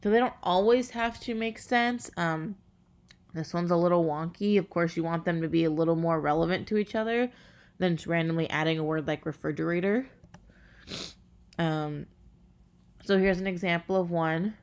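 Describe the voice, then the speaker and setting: A woman teacher with a somewhat low voice talks through a recorded class lesson. Her delivery is casual and halting, full of fillers. She slows right down whenever she counts out syllables.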